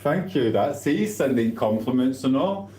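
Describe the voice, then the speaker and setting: A man's voice: mid-range voice, lively intonation, moderate pace, dark tone. Chatty man, echoey room. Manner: chatty, reads out viewer comments while eating. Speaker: livestreamer. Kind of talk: casual live-stream chat.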